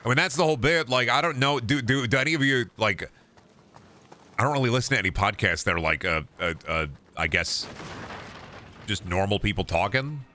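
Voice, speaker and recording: A male streamer with a bright, sharp voice rants and jokes with his chat while he plays. His talk is loose, full of swearing and running riffs. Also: medium pitch, lively intonation, a little fast, long pauses. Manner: profane, ranting, riffs with chat. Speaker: streamer playing a video game. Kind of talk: casual gaming stream chatter.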